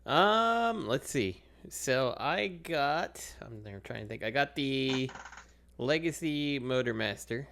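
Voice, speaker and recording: Gravelly, rambling podcast co-host man. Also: medium pitch, animated, takes it slowly, a bit bright, a little hiss or hum. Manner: rambling, full of fillers, laughs easily. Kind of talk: casual chat.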